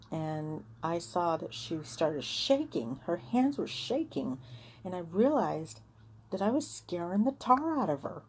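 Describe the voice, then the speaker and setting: Earnest lower-voiced woman telling a story. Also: expressive, normal speed, a little mellow, husky. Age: adult with children. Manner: chatty, earnest, re-enacts heated arguments. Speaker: vlogger sharing a personal vision. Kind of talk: casual personal storytelling.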